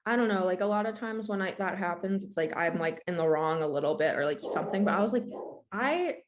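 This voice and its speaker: A young woman co-hosting a podcast, chatting casually and telling an animated story, acting out both sides of an argument. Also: fairly low pitch, fast, background noise. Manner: animated storytelling, acts out quoted exchanges. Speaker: podcast co-host. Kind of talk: casual chat.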